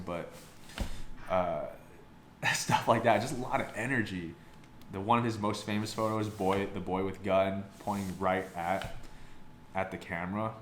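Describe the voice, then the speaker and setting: Laid-back young male reviewer, deep voice, rambly and profane, echoey room with faint background hiss. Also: a bit bright. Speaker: photobook reviewer. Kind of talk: casual review chat. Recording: roomy sound with faint background noise.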